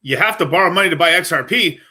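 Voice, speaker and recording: A man hosting a casual crypto live stream, joking and laughing between quick asides. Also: on the high side, bright, forceful tone. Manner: jokey, laughs often, rapid asides.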